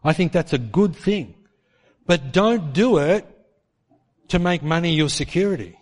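Man, pastor, sermon, animated delivery, acts out quotes, swooping pitch. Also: unhurried. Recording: long hall reverb.

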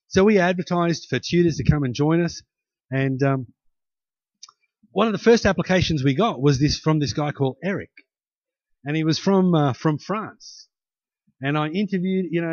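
A man's voice: a little high, darkish tone, no room sound, muffled recording. A middle-aged man preaching a sermon, telling stories in a conversational way and rising to emphatic peaks. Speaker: pastor.

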